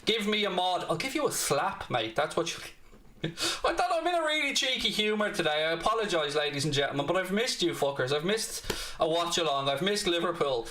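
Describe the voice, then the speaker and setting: A man's voice: fairly high pitch, lively intonation, brisk, bright, forceful tone, a little hiss or hum. A Dublin Irish man hosting a football watchalong, blunt and cheeky and swearing freely as he reads viewer messages. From Ireland, Dublin. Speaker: fan channel host. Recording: roomy echo.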